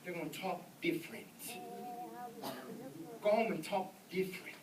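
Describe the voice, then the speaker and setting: A male evangelist preaching with a story, animated, breaking into shouts and acting out voices. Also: sits high, normal speed. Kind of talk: storytelling sermon. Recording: echoey church sound from a distance.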